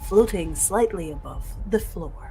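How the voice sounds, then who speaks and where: A woman's voice: on the low side, lively intonation, a little slow, dark tone, faint music behind. A woman co-hosting a paranormal podcast, reading a silly story aloud and giggling now and then. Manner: reads narration with frequent giggles. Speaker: podcast co-host.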